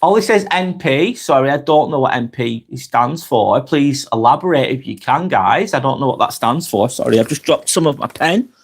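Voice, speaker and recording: A man with a Lancashire accent, hosting a calm live stream, reading viewers' comments aloud and chatting back in an unhurried way with lots of ums and restarts. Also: mid-range voice, creaky, breathy edge. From North West England. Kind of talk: casual live-stream chat.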